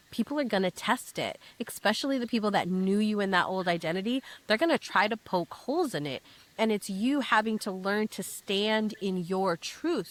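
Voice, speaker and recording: A woman's voice: medium pitch, a bit bright. A woman guest on a podcast, talking earnestly in a casual conversation and often restarting her sentences as she thinks aloud. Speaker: guest, intuitive astrologer.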